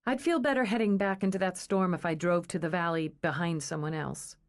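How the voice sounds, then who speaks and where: A woman's voice: fairly low pitch, a little fast, natural voice. Woman voicing a blunt, wry, irritable young librarian, dry humor, audiobook.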